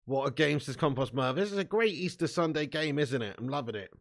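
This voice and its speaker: A man's voice: on the high side, animated, a little fast, creaky. A young man hosting a live football watch-along stream, commentating with swearing and banter while reading out chat messages. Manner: sweary, banter-heavy, swings from glum muttering to shouting and laughing.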